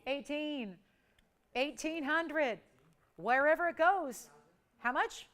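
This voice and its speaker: A woman hosting a live shopping channel, calling out bids in an energetic, chatty auction patter. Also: high voice. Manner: energetic, rapid bid calling; playful, chatty. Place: TV studio.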